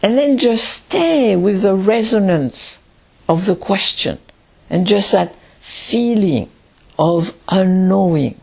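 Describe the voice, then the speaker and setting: A woman teaching Zen meditation in a calm, reflective way, pausing often between phrases. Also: medium pitch, creaky, husky. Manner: slow, calm and reflective, with long pauses.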